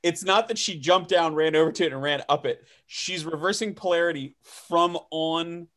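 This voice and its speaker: Hesitant higher-voiced man player. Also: moderate pace, a bit bright. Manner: hesitant, restarts often. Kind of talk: casual game talk.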